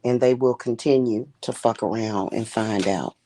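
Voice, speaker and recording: A woman who is a high priestess and spiritual reader, talking in a casual livestream monologue in a deliberate, emphatic and blunt manner. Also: warm tone, no echo, low-quality recording. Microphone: streaming setup.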